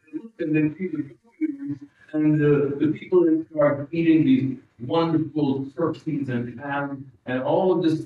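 A man preaches a sermon in a slightly high, dark, mellow voice. He tells the story haltingly, restarting phrases and building emphasis. The sound is distant and muffled, carrying the heavy echo of a church sanctuary.

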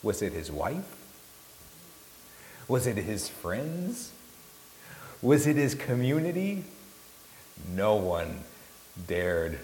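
A man preaching a sermon with impassioned swings in pitch and loudness, often repeating words as he restarts a phrase. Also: sing-song, very slow, long pauses. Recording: echoey hall with faint hiss.

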